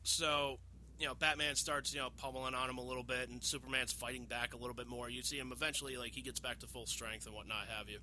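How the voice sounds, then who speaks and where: A man on a podcast casually retelling a film plot, profane and animated, acting out the characters' lines. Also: mid-range voice, fast talker, a little hiss or hum. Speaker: podcast host.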